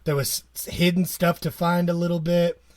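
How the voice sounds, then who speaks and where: A man's voice: sits high, little pitch movement, moderate pace, a little mellow, no room sound, clean studio sound. A man co-hosting a podcast, chatting casually and enthusiastically about games and shows. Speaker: podcast co-host. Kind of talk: casual chat.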